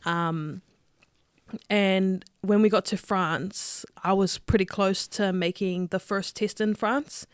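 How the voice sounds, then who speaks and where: A young woman, a rugby player telling her story as a podcast guest, lively and laughing, with lots of "like" fillers. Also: mid-range voice, slow, clear, resonant tone, dry recording. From Australia. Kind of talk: casual interview storytelling.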